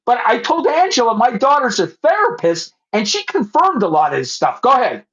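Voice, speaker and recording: A middle-aged man hosting a podcast in casual chat, excitable and stumbling over repeated words. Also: very high-pitched, brisk. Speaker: podcast host. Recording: muffled lo-fi phone audio.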